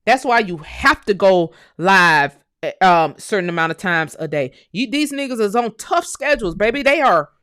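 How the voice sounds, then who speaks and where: A woman's voice: medium pitch, lively intonation, moderate pace, a bit bright, dry recording. Fiery profane woman host, dry sound. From United States. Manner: profane, emphatic, repeating phrases. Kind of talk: heated live-stream rant.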